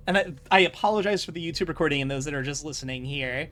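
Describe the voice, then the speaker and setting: A man's voice: fairly high pitch, rapid-fire, few pauses, a bit bright, faint music behind. A man running a tabletop role-playing game as game master, casual and rambling, swearing freely.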